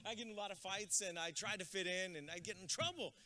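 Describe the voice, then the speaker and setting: A man giving a comedic, energetic graduation speech as a motivational speaker, dropping in Spanish words. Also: high voice, quick pace. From Texas. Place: outdoor graduation ceremony with stands.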